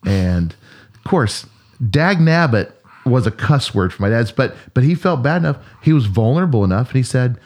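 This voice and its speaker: A man's voice: mid-range voice, expressive, normal speed. A man, a pastor and podcast co-host, telling a family story in a casual chat and acting out the voices in it. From Oklahoma. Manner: warm storyteller, acts out quoted voices.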